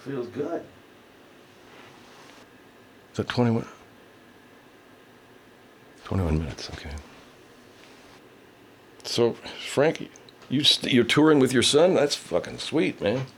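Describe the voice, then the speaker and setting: A man's voice: medium pitch, very animated, takes it slowly, pauses often, a bit bright, slight background noise. A man hosting a casual livestream, reading viewer comments, swearing heavily and ranting angrily. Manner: baby talk to his pet cat. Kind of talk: casual profane livestream chat.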